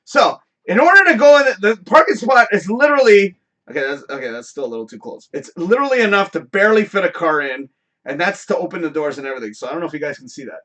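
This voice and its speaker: A man's voice: high-pitched, lively intonation, fast talker, pushed and bright. A man hosting a live stream, telling a story in a casual, profane rant and laughing often. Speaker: host.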